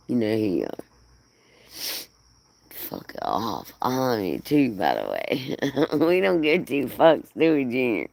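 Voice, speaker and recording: A woman rambles through a casual vlog, swearing freely and cooing at her dog in playful baby-talk. Her voice is gravelly and she talks in slow, drawn-out phrases that swing widely up and down in pitch. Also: wildly swooping pitch, a little mellow, dry recording. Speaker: vlogger talking to her dog.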